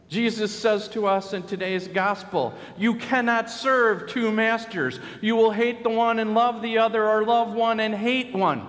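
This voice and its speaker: A man preaching a sermon in an earnest, measured way, telling a story and quoting voices along the way. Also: high-pitched, a bit bright, long reverb tail. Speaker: pastor.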